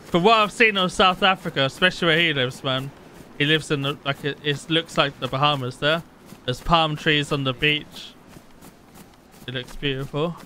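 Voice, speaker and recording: A man's voice: on the high side, moderate pace, pushed and bright, slight background noise, rough recording. A man streaming a game with friends, chatting and bantering casually. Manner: joking banter. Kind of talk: casual gaming chat.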